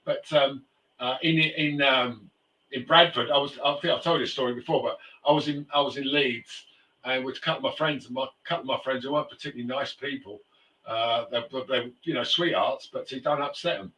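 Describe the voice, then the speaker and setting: A man's voice: medium pitch, a little fast, pushed and bright. A man hosting a casual talk show, telling stories in a rambling way with many restarts and fillers. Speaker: host. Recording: roomy, distant mic.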